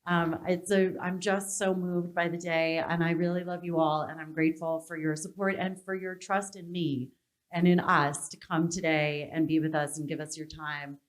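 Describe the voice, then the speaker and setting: Her voice sits on the low side with little pitch movement and a moderate pace as she wraps up a live event in a conference hall. The host pours out heartfelt, gushing thanks to the audience in her closing remarks.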